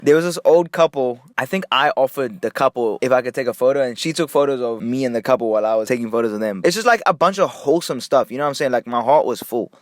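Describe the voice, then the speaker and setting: A young man from Nigeria telling a casual story-time vlog, jumping between hushed asides and excited, high bursts. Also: quick pace, hardly any pauses, dry recording. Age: young adult.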